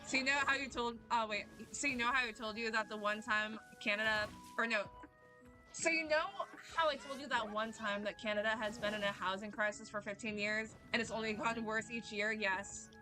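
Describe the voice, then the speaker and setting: A woman's voice: on the high side, steady tone, a little fast. A woman streaming a video game, rambling and swearing casually, laughing and talking back to her chat. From United States. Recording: game music under the voice.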